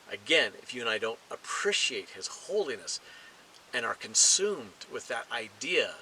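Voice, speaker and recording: A middle-aged man preaching a sermon, emphatic and deliberate, slowing down to stress key phrases. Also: mid-range voice, pushed and bright, slight background noise, low-quality recording. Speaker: pastor.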